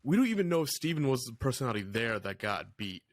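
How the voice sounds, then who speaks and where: Guy picking apart a show, restarts his sentences a lot, mid pitch. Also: sing-song, fast. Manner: analytical, restarts sentences as he thinks. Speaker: podcast co-host. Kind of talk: casual podcast chat.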